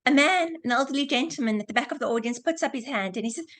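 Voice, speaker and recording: Woman teaching an online class over video call, kinda high voice, earnest, repeats phrases for effect. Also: lively intonation, quick pace, fairly bright tone. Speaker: Torah teacher.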